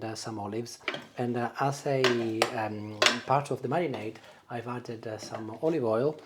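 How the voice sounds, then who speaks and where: A man hosting a casual cooking demonstration at home, chatting warmly and pausing often with "uh" fillers. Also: medium pitch, background noise. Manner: warm, chatty, hesitant with frequent "uh" fillers. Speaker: cooking show host. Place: home kitchen. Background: food sizzling in a frying pan.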